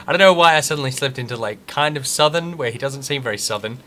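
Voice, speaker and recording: A man's voice: medium pitch, fast talker, few pauses, pushed and bright, a little hiss or hum. A man streaming a video game, chatting casually, reading the game's text aloud and reacting jokily. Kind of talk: casual live gameplay commentary.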